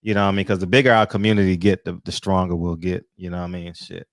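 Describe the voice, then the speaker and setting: A man co-hosting a casual barbershop-style talk show, relaxed and laughing often. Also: low-pitched, fast, no echo, clean studio sound. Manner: laid-back, laughs often, says "you know what I mean". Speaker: podcast co-host. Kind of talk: casual chat.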